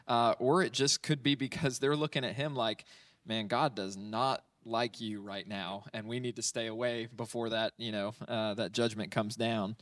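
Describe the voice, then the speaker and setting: A man's voice: mid-range voice, a bit bright, no echo, distant mic. A man preaching through a psalm verse by verse in a conversational way, often checking in with "right?" between points. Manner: conversational, asks "right?" often, many fillers. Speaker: pastor. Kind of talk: teaching sermon on a psalm.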